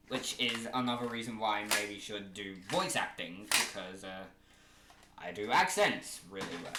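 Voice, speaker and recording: A man from Oceania chatting casually to his camera at home, rambling and joking and often correcting himself as he pitches a fan creature idea. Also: unhurried. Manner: rambling, jokey, self-correcting. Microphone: camera mic. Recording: echoey room with faint hiss.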